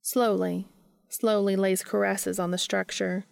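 A woman reading a story aloud in an unhurried, soft, intimate narration. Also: medium pitch, level tone, vocal fry, dry recording, clean studio sound. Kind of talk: scripted audiobook narration.

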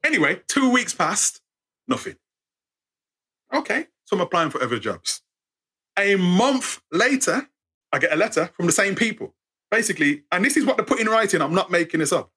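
A young British man telling a funny personal story as a guest, animated and acting out the people in his tale. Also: high-pitched, normal speed, pauses often, breathy edge. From United Kingdom.

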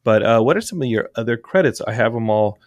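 A man hosting a podcast, energetic and jokey, rambling as he talks. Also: medium pitch, fast, dry recording, muffled recording. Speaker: podcast host. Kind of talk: casual podcast chat.

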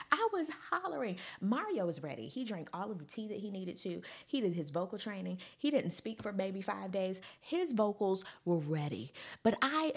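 A woman giving a sassy, animated recap of a music event, with mock-incredulous asides. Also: mid-range voice, normal speed, slightly rough. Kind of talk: casual recap monologue.

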